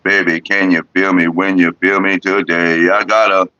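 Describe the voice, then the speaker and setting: Low-pitched and smooth, this livestream host speaks at normal speed with a flat but sharp delivery. Wearing a headset mic, he rambles, curses casually and says hello to people in chat, all in a relaxed way, over slightly dull lo-fi sound.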